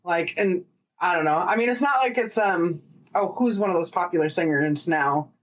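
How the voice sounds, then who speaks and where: A woman co-hosting a podcast in casual chat, rambling and swearing freely with quick asides. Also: lowish voice, lo-fi sound. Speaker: podcast co-host.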